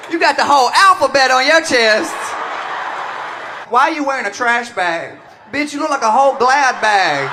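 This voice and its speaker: A male stand-up comedian doing brash, teasing crowd work, often shouting his punchlines. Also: very high-pitched. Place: comedy venue with a live audience. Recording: live stage mic, loud crowd noise.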